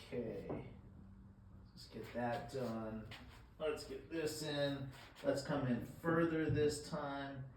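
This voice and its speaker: A man's voice: medium pitch, fairly even intonation, very slow. A man casually narrating his woodworking as he builds shelves, self-deprecating and rambling, often breaking off mid-thought. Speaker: DIY woodworking vlogger. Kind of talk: casual how-to narration while working. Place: hot garage workshop in the desert. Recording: echoey garage, distant mic, tool noise.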